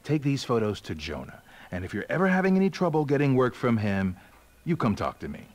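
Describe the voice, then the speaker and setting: An actor playing a kindly, reassuring newspaper editor in a video game, with a deep voice. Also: male voice, brisk, lightly acted. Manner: warm, reassuring, calm.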